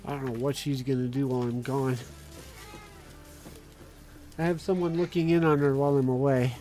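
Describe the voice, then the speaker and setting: Mellow-voiced man muttering while he plays. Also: mid-range voice, fairly even intonation, moderate pace, faint music behind. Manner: mutters to himself while building, talks to his cat. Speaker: streamer. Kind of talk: casual game stream chat. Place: home room with a cat. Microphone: close desk microphone.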